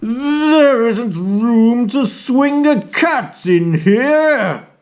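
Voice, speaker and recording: A man voicing a small, indignant bee complaining loudly in a picture book read-aloud. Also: very high voice, lively intonation, extremely slow, pitched above the performer's own voice, heavily acted.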